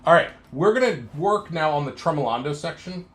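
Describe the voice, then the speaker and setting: A man streaming his guitar practice live, counting beats aloud in a slow sing-song and talking through how each run felt. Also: fairly high pitch, animated, fairly bright tone. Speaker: guitar teacher practicing on a livestream. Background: guitar playing.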